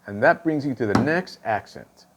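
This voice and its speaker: A man's voice: medium pitch, expressive, normal speed, noisy background. A male drum instructor explaining stick technique, counting and calling out stickings and checking in with "okay?" after each point. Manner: counts and calls out stickings aloud.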